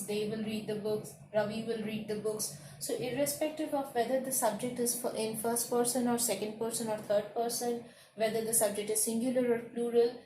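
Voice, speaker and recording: A woman teaching a grammar lesson, slowly listing words one by one and repeating her points. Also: on the high side, distant mic, noisy background. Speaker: English teacher. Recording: echoey room, voice off-mic.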